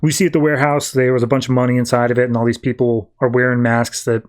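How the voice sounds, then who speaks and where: Guy on a comics podcast rambling through a plot recap, mid pitch, lots of "like" and "he's just like". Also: level tone. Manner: retells the plot in quick quoted back-and-forth, lots of "like". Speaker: podcast host.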